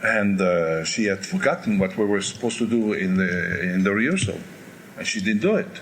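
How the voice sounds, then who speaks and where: An older man, an opera singer, candidly telling animated stories in an interview and imitating crowd noises. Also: on the low side, normal speed, a little hiss or hum.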